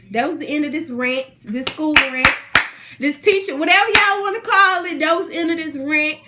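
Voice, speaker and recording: A young woman, ranting to her viewers in an animated, indignant, slangy way. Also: high voice, moderate pace, slight background noise. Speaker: vlogger. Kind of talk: casual rant to camera.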